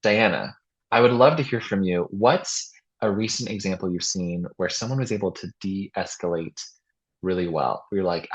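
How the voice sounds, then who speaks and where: A man hosting a podcast, telling stories in a casual, animated way and acting out the voices of people he quotes. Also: sits low, normal speed, slightly rough, low-quality recording. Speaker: podcast host. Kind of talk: casual chat and storytelling.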